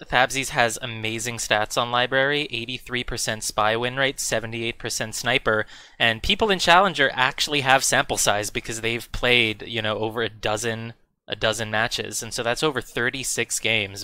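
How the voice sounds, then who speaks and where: Bright, crisp male esports commentator. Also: mid-range voice, fairly even intonation, moderate pace, no room sound. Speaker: esports co-caster. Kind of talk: live game commentary.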